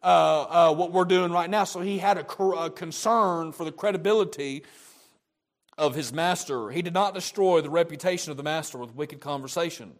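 A man's voice: a little high, normal speed. A man preaching a sermon, emphatic and repetitive, often restarting his phrases.

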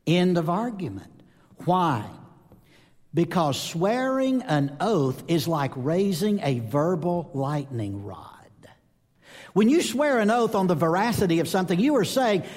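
Male preacher, fairly high voice, animated storyteller, live sermon in a big echoing hall. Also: a little slow. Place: church or conference hall. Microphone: speaking to a live audience. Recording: long reverb of a large hall.

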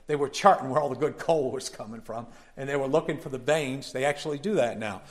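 A man's voice: medium pitch, quick pace. A male pastor delivering a sermon, telling a personal story in a folksy way and building up to emphatic preaching.

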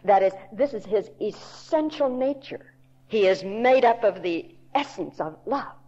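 A woman Bible teacher giving a sermon in a deliberate, emphatic storytelling manner. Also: medium pitch, animated, dark tone. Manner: slow, deliberate, emphatic storytelling with quoted voices. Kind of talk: recorded sermon to a women's audience. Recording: dull lo-fi tape recording.

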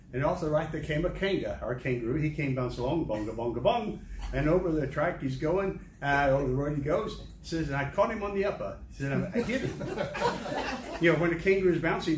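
An older American man giving a rambling, humorous church testimony as a missionary, with many restarts and chuckles. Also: on the high side. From United States. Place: large church hall. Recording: echoey hall, distant mic, ambient noise.

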